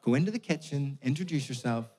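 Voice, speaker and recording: A man putting on a calm Northern Irish mum. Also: medium pitch, slight background noise, close to an everyday voice. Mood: soothing. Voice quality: slow, calm and reassuring. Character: patient soothing Irish mother, middle-aged woman. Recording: live audience laughter in a venue.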